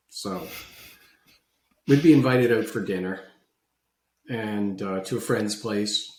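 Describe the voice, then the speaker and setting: A man, a guest on a podcast, telling a personal story about gratitude with animated, lively swings in his voice. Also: echoey room. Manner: animated storyteller, voice leaping high when recalling his own past disbelief.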